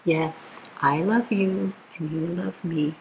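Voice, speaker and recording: A woman reading a bedtime picture book aloud to children, gentle and soothing, asking the listener little questions as she goes. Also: lowish voice, steady tone, slow pace, creaky, slight background noise, low-quality recording. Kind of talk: read-aloud storytime.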